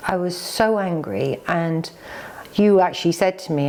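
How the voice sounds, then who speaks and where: A middle-aged English woman co-hosting a vlog, candidly and emotionally retelling a hard experience, halting and choked up at times. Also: lowish voice, darkish tone. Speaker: vlog co-host. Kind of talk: candid conversation.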